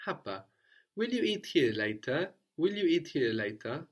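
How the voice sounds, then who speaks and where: A man's voice: a little high, sing-song, measured pace. A man teaching a language lesson, patiently prompting his student and repeating her answers.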